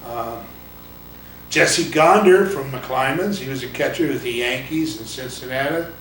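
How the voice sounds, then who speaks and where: An older man from California, once a baseball coach, rambles bluntly with plenty of fillers in a casual oral-history interview. His voice is medium-pitched, unhurried and slightly bright, with a little hiss or hum. The mic sits at a distance in a roomy space with faint ambience.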